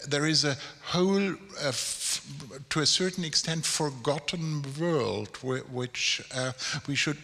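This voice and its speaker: A man moderating a panel discussion, halting and repeating words as he searches for phrasing. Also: a little high, bright, forceful tone. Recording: reverberant lecture hall.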